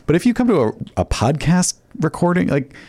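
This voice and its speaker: A man's voice: fairly high pitch, very animated, fairly quick, a little mellow, no room sound. A man co-hosting a podcast, rambling earnestly through anecdotes with easy chuckles. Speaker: podcast co-host. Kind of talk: casual podcast banter.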